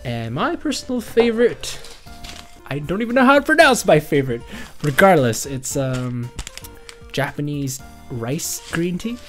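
A chatty young woman hosting a game let's play, wandering into giggly tangents. Her voice is low but very lively in pitch. Faint music runs underneath. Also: a little slow. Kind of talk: casual let's play commentary.

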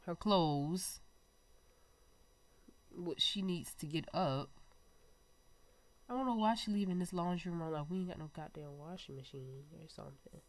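A woman's voice: sits low, a little slow, pauses often. Chatty young woman with a stuffy nose. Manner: chatty, excitable, talks straight to viewers. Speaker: gaming channel host. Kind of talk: casual gameplay commentary.

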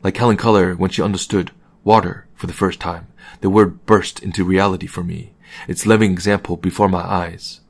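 A man reading a novel aloud as an audiobook in a calm, measured narration. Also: sits low, slightly rough. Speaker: audiobook reader.

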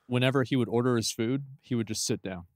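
A man's voice: medium pitch, quick pace, dry recording, studio quality. A man co-hosting a podcast, telling stories loosely with lots of restarts and fillers. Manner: loose, rambling storyteller with many restarts. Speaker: podcast co-host. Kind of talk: casual chat.

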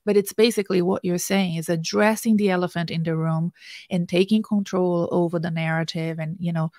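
A woman career coach hosting an interview, asking questions in a halting, casual way. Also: on the low side, steady tone, a little mellow, dry recording, studio quality. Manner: halting, frequent fillers and restarts.

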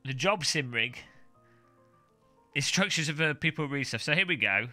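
A man's voice: on the high side, expressive, normal speed, bright, forceful tone, faint music behind. A man streaming a casual unboxing, rambling and joking as he reads out foreign words in silly voices. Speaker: tech streamer.

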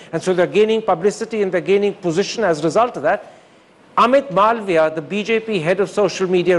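An older man answering audience questions in formal, emphatic phrasing. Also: high-pitched. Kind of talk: articulate public talk.

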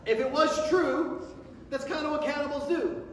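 A man preaching a sermon to a church congregation, who speaks faster and higher when he gets passionate. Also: background noise. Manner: speeds up and rises in pitch when passionate. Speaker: pastor. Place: church sanctuary before a congregation. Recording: echoey hall from far off.

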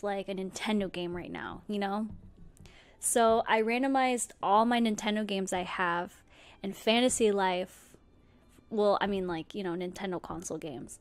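A young woman streaming a video game, chatting casually with her viewers, giggling often and using lots of fillers. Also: mid-range voice. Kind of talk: casual gameplay livestream chat.

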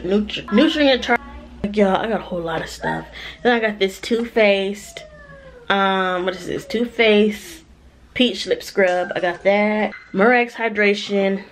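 A woman with a Southern American accent talking casually to her viewers in a home vlog, animated and full of "y'all" and "like.". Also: mid-range voice. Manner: animated, addresses viewers as y'all, lots of likes. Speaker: vlogger.

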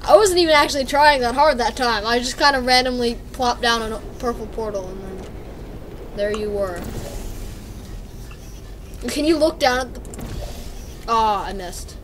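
Giggly high-voiced woman gaming. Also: moderate pace, pauses often, slight background noise. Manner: excitable, giggly, teasing. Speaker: let's play co-host. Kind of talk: casual co-op gaming commentary.

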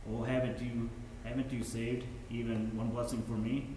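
In a Bible study group, a man reads scripture aloud, occasionally stumbling and restarting a few words. His mid-range voice has a dark tone, little pitch movement, and a moderate pace. The mic is far off in a very echoey room with faint noise.

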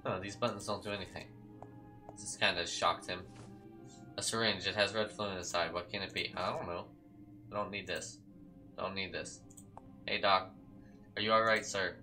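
Bright-voiced man joking through gameplay. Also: low-pitched, steady tone, normal speed, long pauses, soft background music. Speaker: let's play host. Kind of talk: gameplay commentary.

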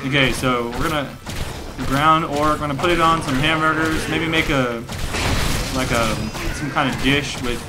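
A man's voice: on the high side, fairly even intonation, normal speed, very noisy. A man giving rambling, joking let's play commentary, breaking into mock rage and laughter. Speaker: gaming commentator. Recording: game music playing behind.

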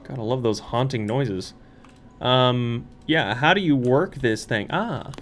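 A man's voice: mid-range voice, slow, a bit bright, a little hiss or hum. A young man playing a horror game on his channel, muttering nervously to himself and breaking into squeals and laughs. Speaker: let's play streamer. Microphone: studio microphone.

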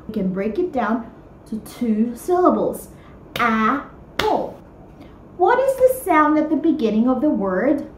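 A woman leads small children through writing a sentence in a slow, patient teacher voice. Her pitch sits high and swoops up and down in a sing-song way. The sound is echoey, with a faint hiss behind it. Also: fairly bright tone. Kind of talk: guided writing lesson for young children.

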